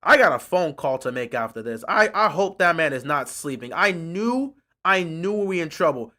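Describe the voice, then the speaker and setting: Fan host on a live reaction stream: bright, sharp tone, sarcastic, fed up, repeats himself for effect. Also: medium pitch, very animated, moderate pace. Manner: frustrated, sarcastic and repetitive.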